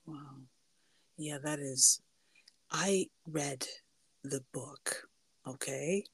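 Woman, podcast host, very low pitch, chatty, laughs a lot, dry sound, casual interview. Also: very slow, husky, no echo. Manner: chatty, laughs often, restarts sentences.

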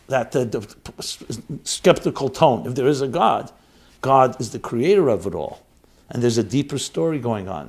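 A man's voice: mid-range voice, gravelly, darkish tone. A man giving an earnest, emphatic Torah talk as a rabbi, full of rhetorical questions.

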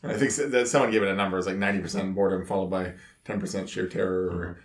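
A firefighter talks loosely on his podcast, rambling through his thoughts with a chuckle here and there. His voice is low and gravelly. The room around him is echoey. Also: racing. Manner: relaxed, rambling, laughs between words. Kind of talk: casual chat.

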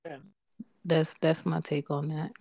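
A woman's voice: low-pitched, level tone, a little slow, gravelly, warm tone, no echo. A woman co-hosting a podcast, talking bluntly in slang and laughing at her own stories. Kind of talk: casual explicit podcast chat.

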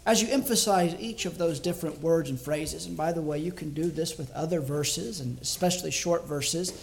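Male evangelist with a fairly high voice, preaching in a thoughtful, measured way and thinking aloud. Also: vocal fry, a little hiss or hum. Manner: reflective and measured, slowing down to stress key words; thinks aloud with small restarts. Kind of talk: sermon.

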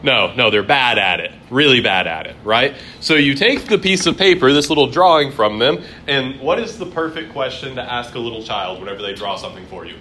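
Bright-voiced male Bible teacher. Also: mid-range voice, sing-song, brisk, few pauses, slight background noise. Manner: conversational, acts out quoted voices. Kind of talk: classroom Bible lesson. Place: classroom.

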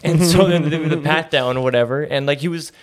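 A man's voice: fairly high pitch, fast talker. A young man telling a rambling, profane, jokey story in casual chat.

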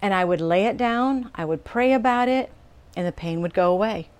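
A woman's voice: mid-range voice, normal speed, darkish tone. A middle-aged woman sharing a personal testimony in an earnest, conversational way, acting out the voices of people in her story.

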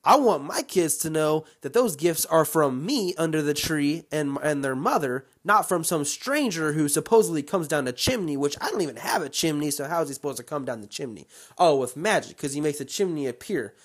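A young man hosts a solo podcast, his voice on the high side and a little fast with hardly any pauses. He talks casually and rambles, growing animated and fired up until he's ranting.

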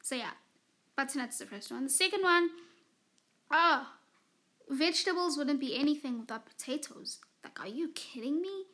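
A woman's voice: high voice, expressive, normal speed, long pauses, bright, forceful tone. A young woman hosting her own podcast, chatting casually and gushing about favourites, rambling with lots of "like" and repeated words. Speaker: podcast host. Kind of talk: casual solo podcast chat.

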